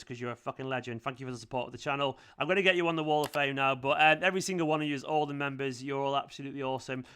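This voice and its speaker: A young man hosting a fan live stream, excitable and emphatic, repeating himself often. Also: on the high side, clean tone. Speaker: fan channel host.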